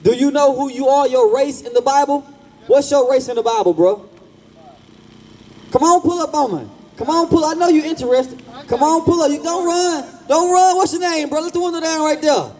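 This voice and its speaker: A man with a very high voice preaches on a street outdoors, blunt and slangy. His tone is dark and mellow despite the pitch. He fires questions at people walking by and repeats his points. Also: normal speed.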